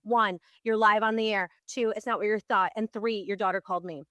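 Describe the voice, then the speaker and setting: A woman's voice: mid-range voice, fairly even intonation, a little fast, a bit bright, no room sound, close to an everyday voice. A woman quoting a flustered male radio host.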